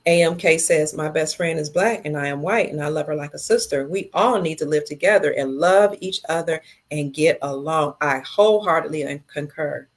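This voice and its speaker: On a casual livestream, a middle-aged woman with a low-pitched voice reads viewer comments aloud and answers them slowly and tenderly.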